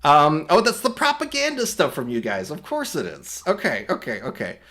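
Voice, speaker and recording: Demonstrating an AI video tool, a host walks through a relaxed screen-recorded tutorial step by step, wandering off track, correcting himself, and laughing at his own comments. His voice is fairly high and bright with a forceful tone, swinging hugely in pitch at a normal pace.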